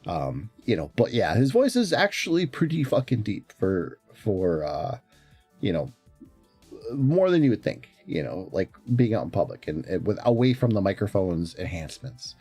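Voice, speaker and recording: A man's voice: fairly low pitch, sing-song, normal speed, mellow, slightly rough, no echo, soft background music. A man streaming in casual chat, rambling along with frequent fillers and restarts.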